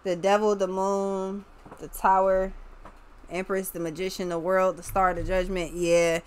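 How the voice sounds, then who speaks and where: A woman's voice: mid-range voice, level tone, measured pace, darkish tone, clear, resonant tone. A young woman talks her viewers through a tarot reading in a casual, unscripted way. She is blunt and profane, drawling through her points and circling back with restarts. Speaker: tarot reader.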